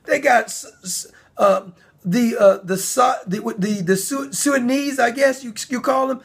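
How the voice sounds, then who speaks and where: A man hosting his own commentary video, talking in a heated, indignant rant that often rises to shouting. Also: very high voice, steady tone, a little slow, breathy edge. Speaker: commentary channel host. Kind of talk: angry ranting commentary.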